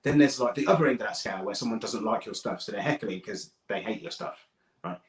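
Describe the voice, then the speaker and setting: A British man, a guest comedian, chatting in a relaxed, rambling way and often tagging his points with "right?". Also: lowish voice, quick pace, reverberant. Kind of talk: casual chat.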